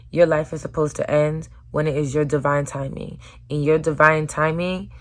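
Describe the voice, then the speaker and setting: In a personal vlog, a young woman speaks earnestly to her viewers in a low-pitched voice gone hoarse from screaming. She swings between loud urging and soft, near-whispered passages.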